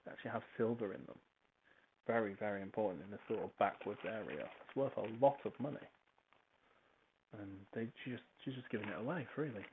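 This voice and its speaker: A man's voice: lowish voice, moderate pace. A man in casual, rambling chat at home, swearing freely and wandering off topic as he tidies up. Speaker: podcaster. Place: home, tidying a child's toys. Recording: tinny phone-like recording with faint hiss.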